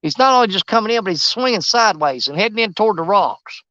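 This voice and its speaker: A man rambles and jokes as he fishes from an outdoor riverbank, his pitch leaping up and down in lively swings. The sound is dry, with almost no room around it, and slightly dull and lo-fi. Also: quick pace, no echo. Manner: folksy, joking, rambling. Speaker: fishing vlogger. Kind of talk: casual outdoor fishing commentary.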